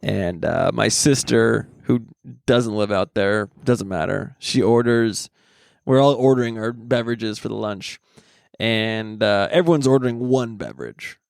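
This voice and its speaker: A man co-hosts a loose, crude comedy podcast and rambles through an anecdote. His voice has a gravelly edge. The recording is dry and close. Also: lowish voice, unhurried, dry recording. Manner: storytelling, doing voices, laughing. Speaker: podcast co-host. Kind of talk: casual comedic chat.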